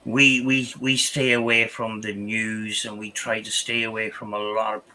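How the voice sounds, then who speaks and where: A man's voice: fairly low pitch, little pitch movement, normal speed, bright, forceful tone, slight background noise, poor audio. A man hosting a podcast, telling a story in casual chat, rambling with many restarts and "I says". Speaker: podcast host.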